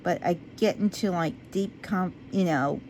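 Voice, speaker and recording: A woman chatting casually to her viewers as she works on a craft project. She talks to herself while she works and drifts into low, quiet talk when she concentrates. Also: a little slow, slight background noise. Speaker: resin craft vlogger.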